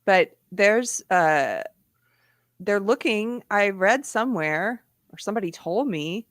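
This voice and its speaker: A woman co-hosting a casual live stream, chatty and quick to laugh. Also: mid-range voice, lively intonation, no room sound, studio quality. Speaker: co-host.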